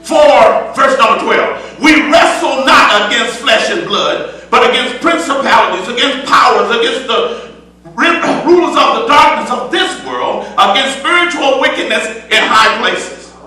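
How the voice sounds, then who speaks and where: A man with a high, bright voice delivers an emphatic sermon in a church. He hammers his points home with repeated phrases and drops from loud declaiming to quiet asides. He is picked up from a distance in a very echoey sanctuary. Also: lively intonation, measured pace. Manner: swings between loud declaiming and soft asides. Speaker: preacher.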